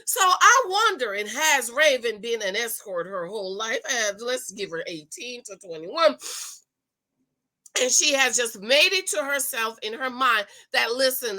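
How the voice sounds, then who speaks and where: A woman hosting a casual reality show recap, gossipy and animated, slipping into quick impressions of the cast. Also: high-pitched.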